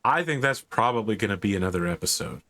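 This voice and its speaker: A man's voice: lowish voice, lively intonation, fast talker, bright, forceful tone. A man narrating as game master of a tabletop game, describing scenes in a laid-back way.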